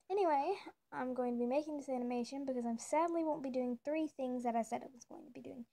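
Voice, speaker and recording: High-voiced playful woman vlogging. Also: fairly quick, vocal fry, warm tone, slight background noise. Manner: playful, jokey, drops into whispered asides; gushing and silly. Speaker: animation channel host. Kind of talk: casual vlog chat.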